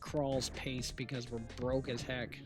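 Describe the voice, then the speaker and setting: A man's voice: medium pitch, flat delivery, a little slow. A man who runs a stream chats casually and rambles as he vents to his viewers, often restarting his sentences. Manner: rambling and venting, with frequent restarts. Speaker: streamer running an AI VTuber channel. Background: music playing under the talk.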